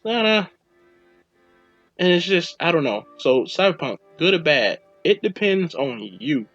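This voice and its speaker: A man's voice: fairly high pitch, sing-song, moderate pace, a bit bright, no echo. A man hosting a podcast, rambling casually through a game review and acting out his own reactions. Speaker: podcast host. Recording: dull lo-fi recording with faint music.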